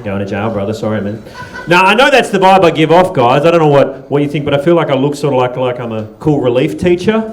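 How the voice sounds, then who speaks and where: On a comedy club stage, an Australian man hosts a stand-up night, doing loose, profane crowd work, teasing the audience and laughing between lines. His voice is fairly high and expressive, and he talks fast with hardly any pauses.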